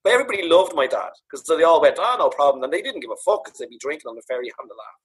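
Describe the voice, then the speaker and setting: A man's voice: on the high side, very fast, slightly rough, low-quality recording. A man from Ireland with a Dublin accent, telling funny stories about his dad in a casual chat. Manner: animated, laughing, swearing. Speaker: podcast guest, author. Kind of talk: casual storytelling.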